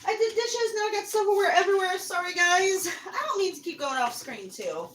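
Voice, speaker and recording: A woman's voice: extremely high pitch, lively intonation, a little fast, very noisy. A woman hosting a casual cooking livestream from her home kitchen, rambling to her viewers as she works and now and then stepping away from the mic. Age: adult, parent. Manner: chatty, rambling, talks to viewers while cooking; moves around, sometimes steps away from the mic. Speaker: cooking channel host.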